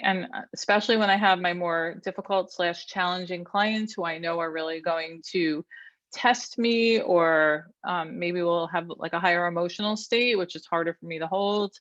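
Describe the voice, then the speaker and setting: A woman therapist leading an online workshop, calmly guiding a breathing exercise and teaching, counting slowly and giving instructions. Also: lowish voice, no room sound, highs cut off. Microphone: online video call.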